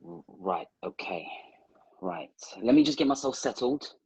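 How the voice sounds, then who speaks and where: A man's voice: mid-range voice, lively intonation, unhurried, a little mellow, husky, no echo, low-quality recording. A man, a guest, telling a rambling and playful anecdote, talking straight to the listeners. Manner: rambling, playful storyteller who addresses listeners directly.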